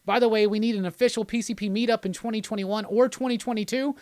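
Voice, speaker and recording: A man's voice: high voice, fairly even intonation, fast, a little mellow, dry recording. A man hosting a live stream, chatting casually in a loose, rambling, jokey way and reading out viewer comments.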